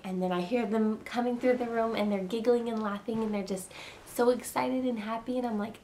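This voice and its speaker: A woman's voice: fairly high pitch, steady tone, fairly quick, warm tone, a little hiss or hum. A young woman vlogging earnest, repetitive, reassuring advice to teen parents in a casual way. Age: young adult.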